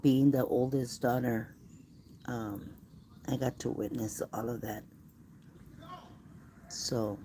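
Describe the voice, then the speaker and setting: A woman chatting casually with viewers on a live stream, often dropping into a hushed voice. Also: a bass voice, fairly even intonation, takes it slowly, pauses often. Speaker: livestream host. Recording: noisy phone livestream.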